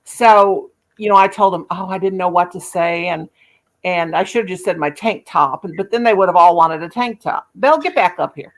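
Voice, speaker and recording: Woman host in her fifties, folksy storyteller, relaxed chatty delivery. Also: fairly low pitch, normal speed. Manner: chatty, folksy, uses endearments like baby doll and sugar. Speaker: channel host. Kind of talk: casual storytelling on a livestream.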